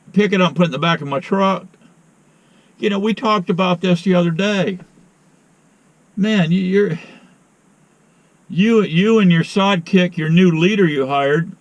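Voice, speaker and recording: Nursing a sore arm from a shot, this middle-aged beekeeper who vlogs outdoors chats casually and meanderingly to his audience, getting frustrated on a phone call. His voice is high and the recording is dry.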